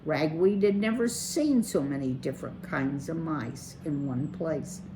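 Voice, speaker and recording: A woman reading a children's chapter book aloud in a measured, expressive way. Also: sits low, slight background noise, low-quality recording. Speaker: children's story reader.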